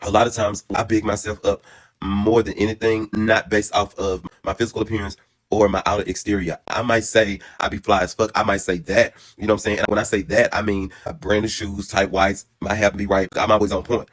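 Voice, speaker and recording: A man in his thirties telling a story in a casual, animated way, brassy, profane and dramatic, then calmer and reflective. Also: lowish voice, brisk. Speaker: storyteller vlogger.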